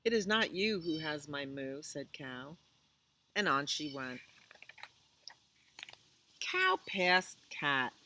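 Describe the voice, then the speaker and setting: A woman librarian reading a picture book aloud to young children, doing animal sounds in an animated way. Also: low voice, unhurried. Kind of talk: storytime read-aloud. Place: library storytime.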